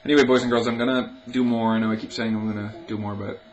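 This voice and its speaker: A man's voice: flat delivery, fast, highs cut off. Young man ranting, sarcastic and profane. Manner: profane, sarcastic, jokey, breaks into mocking falsetto whoops. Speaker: vlogger. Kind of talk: casual ranting monologue.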